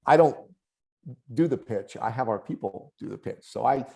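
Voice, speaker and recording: Gravelly man telling a story. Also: medium pitch, moderate pace. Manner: animated storyteller who acts out quoted voices. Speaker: podcast guest. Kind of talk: storytelling in a conversational interview.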